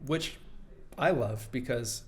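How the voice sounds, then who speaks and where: A man co-hosting a podcast, talking casually and animatedly about a film, quick to laugh. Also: mid-range voice. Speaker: podcast co-host.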